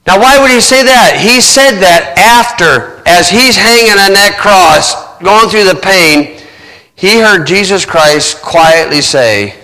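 A male preacher tells a vivid story in a sermon, speeding up and slowing down. His voice is high and bright. It rings through a reverberant hall. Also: lively intonation. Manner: vivid storytelling, shifting pace.

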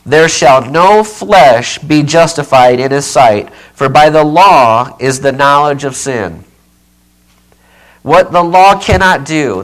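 A man's voice: mid-range voice, low-quality recording. A man preaching a Bible teaching sermon, emphatic and repetitive, often checking in with "okay". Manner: emphatic, repeats key phrases, checks in with okay; says he keeps yelling.

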